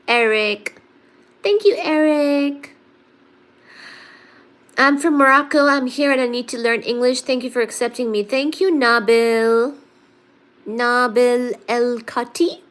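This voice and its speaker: Slow, playful woman reading out live chat. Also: fairly high pitch. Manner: playful, reads chat comments aloud and answers them. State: has a bit of a cold. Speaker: livestream host reading viewer chat. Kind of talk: casual live-stream chat.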